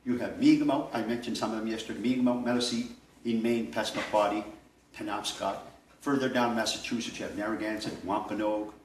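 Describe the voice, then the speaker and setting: An older man from Nova Scotia giving a relaxed, digressive workshop talk, full of fillers and chuckles. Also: fairly low pitch, fairly quick. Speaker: language workshop instructor. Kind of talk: informal classroom lecture. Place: workshop room indoors. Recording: echoey room, distant mic, faint noise.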